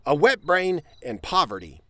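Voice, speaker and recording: A man's voice: fairly high pitch, sing-song, moderate pace, fairly bright tone, no room sound, pitched above the performer's own voice. A man voicing a stubborn, defiant seventeen-year-old farm boy in a storybook reading. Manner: defiant, earnest arguing.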